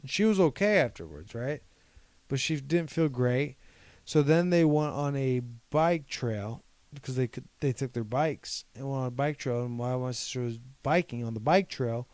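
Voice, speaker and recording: Medium-pitched and a little mellow, this young man's voice moves at a moderate pace with a clean tone and no room sound. He's a podcast co-host from Ohio, casually chatting and telling a long, rambling personal story in which he quotes other people's words.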